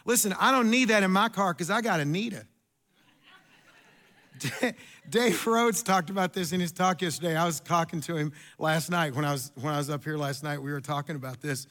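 A middle-aged man, preaching a sermon in an animated, storytelling way with asides and repeats. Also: fairly high pitch, normal speed. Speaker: pastor.

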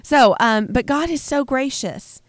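A woman co-hosting a casual Bible discussion podcast, talking in an animated, emphatic way and teasing her co-hosts. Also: high voice, measured pace, no room sound. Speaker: podcast co-host.

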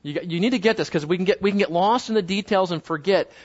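High-voiced man teaching a Bible class. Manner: conversational, questions the class often and reads scripture slowly. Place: in front of a live group. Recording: dull lo-fi recording.

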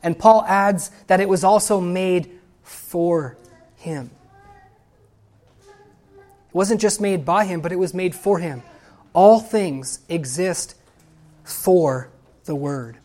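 A woman preaching a sermon with a lowish voice. She builds to loud, emphatic exclamations. She also reads scripture and hymn lines aloud. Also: takes it slowly, pauses often.

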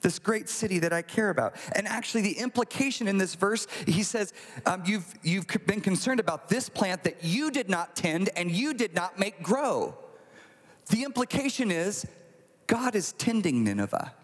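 A male pastor delivers a sermon in a lively, conversational storytelling manner, slipping into little acted asides. His voice sits a bit high for a man. The sound rings with a long reverb, like a large church hall. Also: normal speed.

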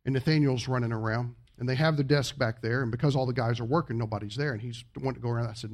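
A man preaching a sermon to a congregation, conversational and joking, with big swings between loud emphasis and quiet asides. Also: fast talker, few pauses. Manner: animated, with big swings in pitch and volume. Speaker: pastor. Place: church service before a congregation.

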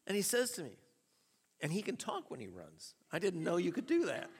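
A man preaching a sermon, telling a story with chuckles and an animated delivery. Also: high-pitched, brisk, husky. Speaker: pastor. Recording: reverberant hall.

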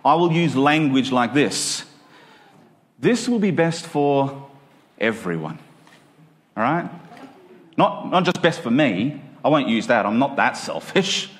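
Australian male preacher, lively delivery. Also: medium pitch. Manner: conversational, rhetorical questions, acts out examples. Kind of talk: sermon.

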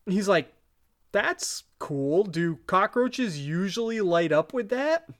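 A podcast co-host recaps a TV episode in a casual chat, laughing often and retelling scenes by quoting the characters' lines. The voice is medium-pitched and expressive, with a slow pace and a giggly manner.

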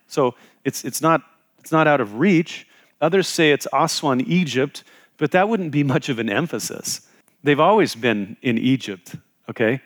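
A middle-aged man delivers a Bible teaching like a talk with friends, pausing to ask his listeners questions and circling back over his words. His voice sits at an ordinary middle pitch. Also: lively intonation. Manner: conversational, asks the audience questions, repeats words. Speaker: pastor teaching a Bible passage. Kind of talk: expository sermon.

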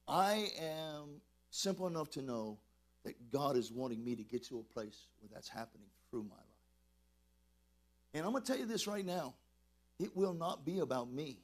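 Excitable preacher man. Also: a little high. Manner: excitable, emphatic preaching with stammered restarts and laughs. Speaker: pastor. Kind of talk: sermon.

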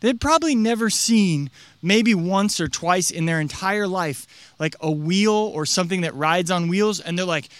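A young man with a high-pitched, fairly bright, clean voice speaks at a normal speed, with no echo. He's a pastor delivering a casual, conversational sermon, chatty and packed with fillers, acting out quotes in character voices.

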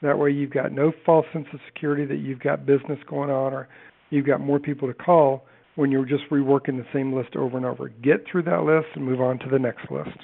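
A man giving a brisk, emphatic sales training talk, working through tips one by one. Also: mid-range voice, level tone, gravelly. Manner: brisk, emphatic list-driven coaching. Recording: tinny phone-like band.

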